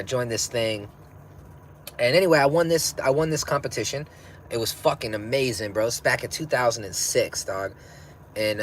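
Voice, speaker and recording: Man in his thirties, mid-pitched, casual rambling livestream host, slangy and profane, faint noise behind. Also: rough recording.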